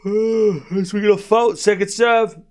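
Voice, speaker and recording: A man's voice: high voice, fairly even intonation, slow, darkish tone. An Australian man hosting a live tennis watchalong stream, calling the score in a casual, chatty way and often laughing at himself.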